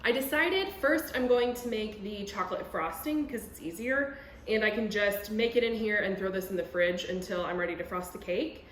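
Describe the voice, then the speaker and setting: A young woman chatting excitedly and making fun of herself while baking in her home kitchen for a vlog. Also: mid-range voice, moderate pace, echoey room, a little hiss or hum. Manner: chatty, excitable, self-mocking. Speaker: vlogger. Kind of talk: casual cooking vlog.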